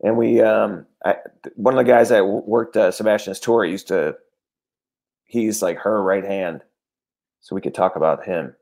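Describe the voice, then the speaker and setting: A man, an actor chatting in a loose, halting way, often stopping to search for words. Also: fairly low pitch, vocal fry, a little mellow. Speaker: actor and podcast guest. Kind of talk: casual comedic chat.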